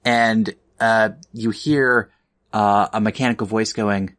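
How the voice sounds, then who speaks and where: Woman game master, slow delivery, halting narration. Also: a bass voice, steady tone. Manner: halting, many fillers.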